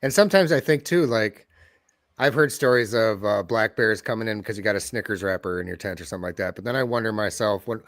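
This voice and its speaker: A man hosting a casual podcast chat, talking in an easygoing, relaxed way. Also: lowish voice, no echo, clean studio sound. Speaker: podcast host.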